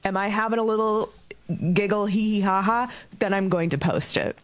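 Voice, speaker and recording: A woman's voice: mid-range voice, moderate pace. A woman guest on a casual podcast chat, blunt and self-deprecating. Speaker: podcast guest, actual play performer.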